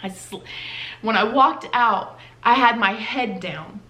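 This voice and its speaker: A woman's voice: fairly high pitch, slow pace, pushed and bright. A woman telling a personal story on her vlog in a casual, heartfelt, conversational way. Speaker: vlogger. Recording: roomy echoey room.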